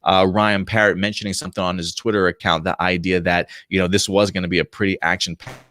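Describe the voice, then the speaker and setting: Upbeat, low-voiced male reviewer. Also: flat delivery, fast, a bit bright. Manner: enthusiastic, rambling, heavy on fillers and restarts. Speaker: host reviewing episodes and comics. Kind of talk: casual video review.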